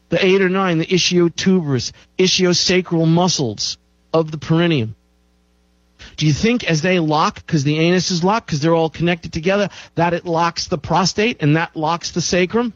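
A man with a somewhat high voice gives an emphatic health-talk monologue, driving points home by repeating them. The sound is dull and lo-fi, with a dry, close feel and no room echo. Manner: emphatic, repeats key phrases for effect. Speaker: show host.

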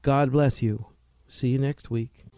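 A man hosting a health talk show, lecturing with lively rhetorical questions and a preachy tone. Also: mid-range voice, slow pace, noisy background. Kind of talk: animated health talk monologue.

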